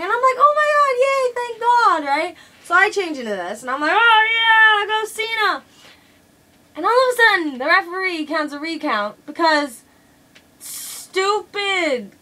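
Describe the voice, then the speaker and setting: A woman's voice: high-pitched, sharp tone, rough recording. A young woman casually reviewing a wrestling event in a vlog, rambling and chatty with lots of fillers.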